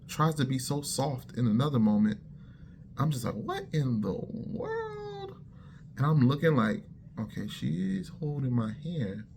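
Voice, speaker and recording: A man's voice: medium pitch, a little hiss or hum. Man telling his faith testimony. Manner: lively storytelling, talks straight to listeners, acts out quoted lines. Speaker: testimony speaker. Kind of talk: personal testimony storytelling.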